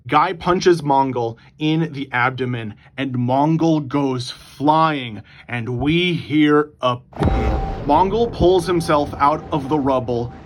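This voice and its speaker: A man with a slightly high voice hosts his own YouTube channel, recapping an imagined story. He's casual, excitable, and profane, rushing through it in bursts.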